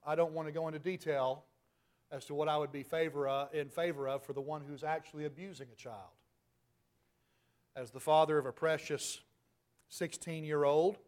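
Emphatic high-voiced male preacher. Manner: emphatic, rhetorical questions, rising to loud peaks. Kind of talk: sermon.

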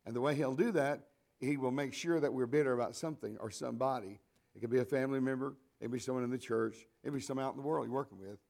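A man's voice: mid-range voice, very fast, creaky, a little mellow. An older man preaching a folksy, conversational sermon to his congregation, with chatty asides and frequent restarts.

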